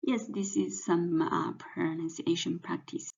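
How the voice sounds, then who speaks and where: Slow, gravelly Chinese-accented woman teacher. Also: fairly low pitch, fairly even intonation. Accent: Mandarin Chinese. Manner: slow, hesitant, many fillers. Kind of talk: language lesson. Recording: dull lo-fi audio.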